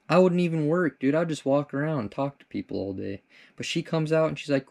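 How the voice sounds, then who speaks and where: A man's voice: mid-range voice, brisk, gravelly, darkish tone. A young man hosting a comedic vlog, answering viewer questions in a rambling, laid-back way and tossing in "dude" and casual swearing.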